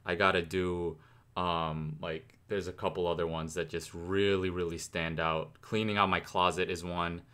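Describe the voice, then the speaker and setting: A young man with a low voice hosts a rap reaction video. He rambles loosely, full of "um" and "like", and speeds up whenever he gets excited about the rhymes. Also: normal speed, clear, resonant tone. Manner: rambling, enthusiastic, many fillers. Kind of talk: casual music reaction commentary.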